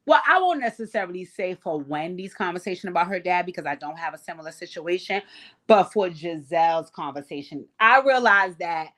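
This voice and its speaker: Woman, blunt, profane, animated, livestream TV recap. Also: fairly low pitch, fairly quick. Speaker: host. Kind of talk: casual reality TV recap on a livestream.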